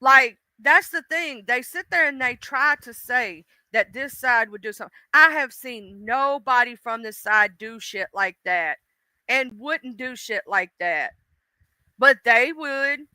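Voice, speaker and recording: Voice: medium pitch, expressive, unhurried, bright, forceful tone, no room sound. A livestream host ranting bluntly and profanely, speaking straight to the audience. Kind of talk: casual livestream rant.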